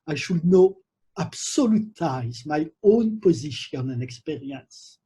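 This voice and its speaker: A man lecturing on theology at a university, speaking in a measured, professorial way with pauses between phrases. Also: fairly high pitch, lively intonation, mellow, slightly rough.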